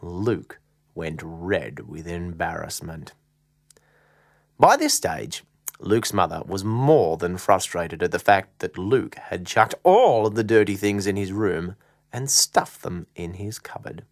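A woman telling a children's story in a slow, playful, very expressive way. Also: extremely low pitch, no echo, clean studio sound.

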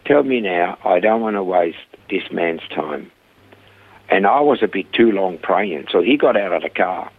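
Older Swiss-accented man, low and husky, animated storyteller. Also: narrow, tinny audio. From Switzerland. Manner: animated anecdotal storytelling, acting out dialogue. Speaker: guest telling his life story. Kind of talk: storytelling interview.

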